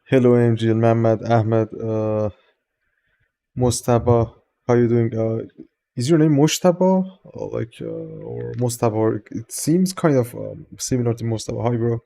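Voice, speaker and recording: On a relaxed live stream, a Persian-accented native Farsi speaker welcomes viewers one at a time and tosses out casual jokes and swear words. He's unhurried, his natural mid-range voice warm and mellow with a gravelly texture.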